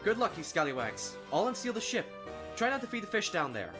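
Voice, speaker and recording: A performer voicing a blustering old sea captain who talks in pirate slang and gruff exclamations. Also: mid-range voice, sing-song, brisk, over music, close to an everyday voice. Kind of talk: hobby voice-acted animated fan story.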